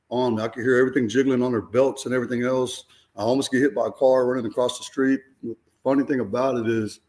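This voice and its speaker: A man telling his own story in a casual, animated way and acting out the voices of the people in it. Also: mid-range voice. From Houston, Texas area. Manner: animated, acts out quoted voices. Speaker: guest giving a testimony.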